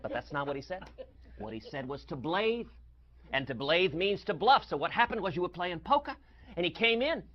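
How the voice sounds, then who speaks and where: A man spins a story with a lot of movement in his pitch, his voice sitting a bit higher than most. He talks with animated delight and jumps in and out of quoted lines. The recording sounds dull and lo-fi. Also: moderate pace. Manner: lively storyteller, jumping between quoted voices. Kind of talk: animated anecdote retelling film scenes.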